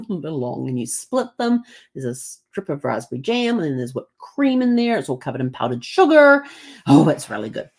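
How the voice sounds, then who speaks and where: A woman's voice: sits low, sing-song, moderate pace. A woman with a New Zealand accent, telling stories in a casual, chatty way, often laughing and acting out what people said. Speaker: host. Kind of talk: casual storytelling.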